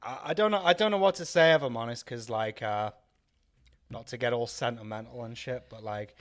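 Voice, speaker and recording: A man's voice: mid-range voice, fairly quick, a bit bright. Male co-host, rambling and self-mocking, casual chat. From Wales. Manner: rambling, self-deprecating, many restarts. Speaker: podcast co-host. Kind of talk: casual chat over drinks.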